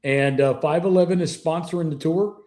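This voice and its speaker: Middle-aged man, slightly high and mellow, salty storyteller on a remote interview. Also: a little fast. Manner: salty, profane anecdote-telling. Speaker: guest author, retired police officer.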